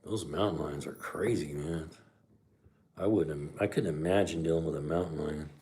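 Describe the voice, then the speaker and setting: A man's voice: very deep voice, moderate pace, darkish tone. A middle-aged man hosting a podcast livestream, chatting casually and reading live comments in a laid-back way.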